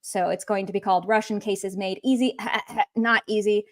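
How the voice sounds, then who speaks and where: An English-speaking woman runs a relaxed Russian lesson on a livestream, keeping things funny and light while switching between English and Russian. Her voice is medium in pitch, her intonation fairly even, and her pace moderate.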